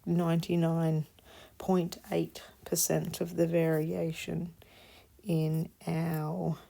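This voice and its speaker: A woman's voice: on the low side, gravelly, mellow. A woman teaching a maths lesson, explaining patiently and dropping to a murmur when she reads out numbers. She sounds tired. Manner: slow, patient explaining, drops to murmurs while reading numbers. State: tired, yawning. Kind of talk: worked-example maths lesson.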